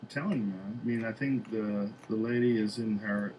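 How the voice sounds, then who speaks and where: A man's voice: lowish voice, steady tone, moderate pace, darkish tone, slight background noise, rough recording. A man hosting a podcast, chatting casually with blunt, profane banter. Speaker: podcast host.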